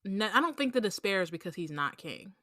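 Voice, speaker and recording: A woman co-hosting a casual book podcast, chatting and chiming in with quick agreement. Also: mid-range voice, big pitch swings, pushed and bright, dry recording, clean studio sound. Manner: conversational, quick agreeing interjections. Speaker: podcast co-host.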